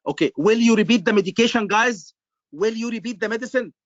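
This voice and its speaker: High-voiced man quizzing students. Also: fast talker, muffled recording, a little hiss or hum. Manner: repetitive, quizzing students, emphatic. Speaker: medical exam tutor. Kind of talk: live online lecture.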